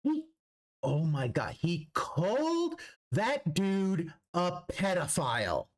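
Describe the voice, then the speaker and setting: A man's voice: on the high side, sing-song, slow. A man streaming a reaction, ranting profanely and restarting his sentences as he goes. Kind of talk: livestream reaction commentary.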